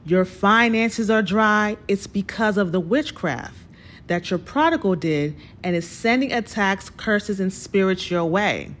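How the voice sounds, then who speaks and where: A woman hosting her own show, telling a personal story in an animated way and calling her listeners y'all. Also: medium pitch, measured pace, slight background noise.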